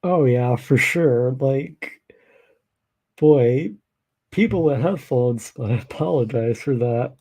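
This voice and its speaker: A man's voice: mid-range voice, unhurried, hardly any pauses, a little mellow, slightly rough. A man hosting a live reaction stream, making wry, sarcastic remarks. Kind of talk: casual live reaction commentary.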